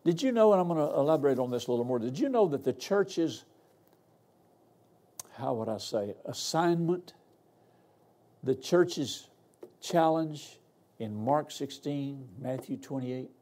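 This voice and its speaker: Folksy older preacher, mellow voice. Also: male voice, medium pitch, lively intonation, measured pace, long pauses. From Arkansas. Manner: folksy, humorous, conversational. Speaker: guest pastor. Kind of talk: sermon with folksy storytelling. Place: church.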